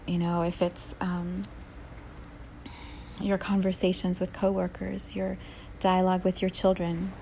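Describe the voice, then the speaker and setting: Soft-spoken woman with a gravelly edge. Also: fairly low pitch, a little hiss or hum. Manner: soft, unhurried, laughs often; drops to a whisper at times. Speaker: spiritual teacher. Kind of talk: spiritual talk to listeners.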